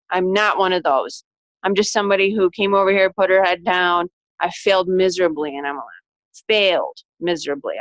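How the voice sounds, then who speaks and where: Woman, low register, dry close sound; earnest, rambling testimonial with restarts. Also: no echo, poor audio. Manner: earnest, repeats herself, many restarts. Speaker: team member giving a testimonial. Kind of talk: casual testimonial on a group call.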